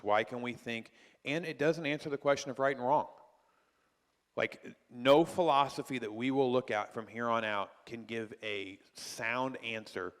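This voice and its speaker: A man's voice: medium pitch, a bit bright, big-room sound. A male pastor teaching a church class in a conversational way, full of rhetorical questions. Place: church hall.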